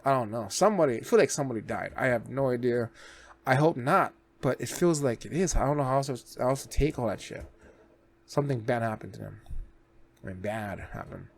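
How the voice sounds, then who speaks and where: A man's voice: mid-range voice, expressive, a little fast, creaky. A man hosting a reaction video, recapping a series in a loose, rambling way with restarts and casual swearing.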